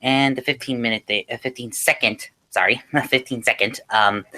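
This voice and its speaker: A man's voice: mid-range voice, steady tone, normal speed, sharp tone. A man from Oregon in the United States, chatting playfully as a guest on an online panel. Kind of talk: casual chat.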